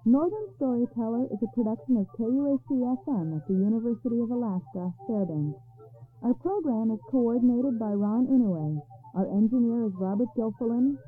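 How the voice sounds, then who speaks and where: A woman storyteller on a radio program, calmly reading a story aloud in a measured way. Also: on the high side, soft background music. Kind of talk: scripted narration. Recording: narrow phone-like radio sound.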